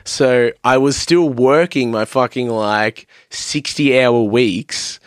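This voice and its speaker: A man's voice: mid-range voice, slow, clear, resonant tone, dry recording, clean studio sound. Sweary young man telling stories. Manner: rambling, sweary, animated storytelling. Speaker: podcast guest, vocalist and producer. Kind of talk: casual podcast chat. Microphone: studio mic on a stand.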